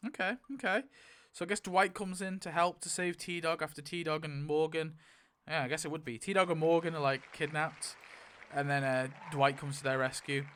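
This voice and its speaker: A man in casual, rambling commentary while spinning a wheel to rewrite a story, getting excited at results and briefly quoting characters. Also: fairly high pitch, moderate pace, smooth. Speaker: YouTuber.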